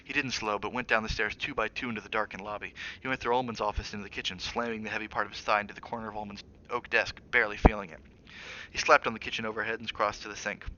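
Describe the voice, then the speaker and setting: Man, dramatic novel narration, low-ish bright forceful voice, dull lo-fi mic, faint hiss. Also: steady tone, quick pace. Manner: dramatic, with asides to viewers. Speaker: streamer reading a novel aloud. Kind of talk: dramatic read-aloud narration.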